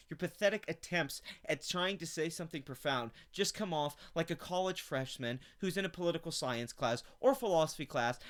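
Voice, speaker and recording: A man with a bright-ish, mid-range voice hosts his own channel and reads an article aloud, reacting in an angry rant. He's sarcastic and contemptuous, swearing heavily throughout.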